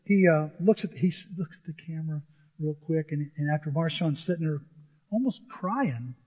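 A man's voice: fairly high pitch, lively intonation, normal speed. A middle-aged man preaching a sermon, earnest and emphatic, often repeating his point. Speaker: pastor. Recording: tinny phone-like sound.

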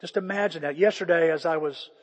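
A man's voice: on the high side, fast. An older man preaching a conversational sermon to his congregation, retelling scripture with feeling. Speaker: pastor. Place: church sanctuary. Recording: long reverb of a church hall.

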